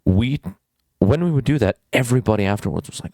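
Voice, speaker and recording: A man's voice: mid-range voice, expressive, fast talker, creaky, dark tone, no echo, studio quality. A young man vlogging about habits in a blunt, rambling way, with casual swearing. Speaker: student vlogger. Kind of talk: casual self-help vlog.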